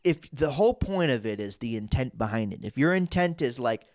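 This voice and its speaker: A man's voice: medium pitch, animated, brisk, a little mellow, no room sound, clean studio sound. A man guesting on a podcast as a comedian and impressionist, talking in an earnest, opinionated way that wanders off on tangents. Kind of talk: casual podcast chat.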